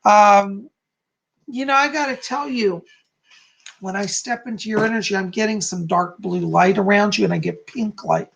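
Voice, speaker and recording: A man with a gravelly edge, hosting a live psychic reading stream. He talks in a loose, chatty way and reassures each viewer. He keeps checking in with a soft "okay?". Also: sits high, normal speed. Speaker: psychic host.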